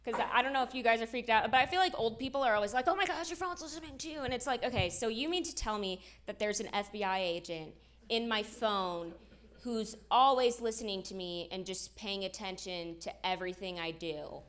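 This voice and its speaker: A young woman performing a self-deprecating stand-up comedy set on stage, with quick asides to the crowd. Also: medium pitch, a bit bright. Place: comedy stage with live audience. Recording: live show with clear background noise.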